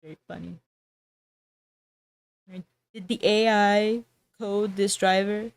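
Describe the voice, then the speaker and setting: A woman talks loosely to her stream in a mid-pitched voice. She is sarcastic and rambling, often breaking off a sentence to start it again. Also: fairly even intonation, slow. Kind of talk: casual livestream chat.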